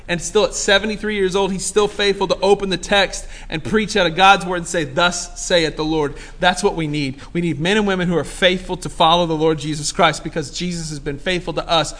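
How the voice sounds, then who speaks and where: A man preaching a sermon as pastor, excitable, swinging from soft off-the-cuff asides to loud bursts of praise. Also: high voice. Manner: laughing, off-the-cuff.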